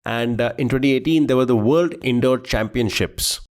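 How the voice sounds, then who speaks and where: A man's voice: medium pitch, moderate pace, darkish tone. A man co-hosting a quiz podcast, chatting casually, rambling and laughing as he searches for words.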